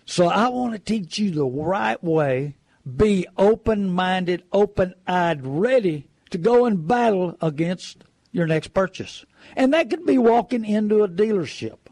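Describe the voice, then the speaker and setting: A middle-aged man talks car buying in a folksy, preachy, emphatic way. His voice sits on the high side for a man. The sound is dry and close, with no room around it. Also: animated, unhurried, darkish tone, dry recording. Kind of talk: folksy advice talk.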